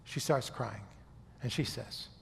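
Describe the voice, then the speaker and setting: A man's voice: medium pitch, slow, creaky, big-room sound, a little hiss or hum. A man giving a talk to an audience in a conversational teaching manner, often checking in with his listeners. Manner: conversational lecturer, often checks in with "okay?" and "right?". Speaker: speaker giving a talk on faith and history. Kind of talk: presentation to a live audience.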